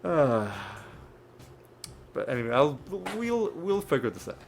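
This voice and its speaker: A man's voice: mid-range voice, big pitch swings, measured pace, slight background noise. A man playing a video game and chatting casually about it, often laughing and restarting words. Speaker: gaming channel host.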